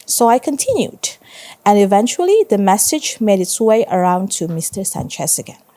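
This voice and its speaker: A woman teacher reading a story aloud to her pupils and pausing to ask them questions. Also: medium pitch, big pitch swings, dark tone. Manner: slow, stops to ask students questions.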